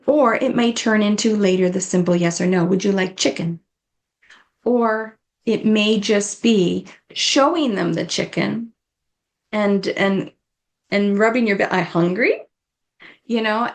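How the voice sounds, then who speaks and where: A woman giving an informal, earnest talk on dementia care, often acting out quoted dialogue. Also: medium pitch.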